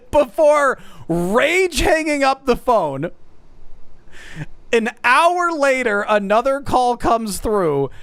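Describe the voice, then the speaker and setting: A man's voice: very high voice, very animated, slow, a bit bright, clear, resonant tone, dry recording. A man streaming, telling a long funny story with laughs, addressing his audience as folks. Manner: talks straight to the audience as folks. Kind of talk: casual storytelling.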